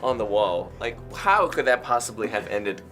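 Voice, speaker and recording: Lower-voiced animated man chatting. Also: normal speed, faint music behind. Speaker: interviewee. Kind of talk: casual chat.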